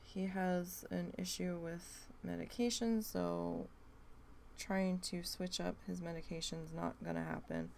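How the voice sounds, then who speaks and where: A young woman with a New Jersey accent, chatting casually and thinking out loud while she works on a craft project. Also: on the low side, fairly even intonation, measured pace, creaky, a little hiss or hum. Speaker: craft vlogger.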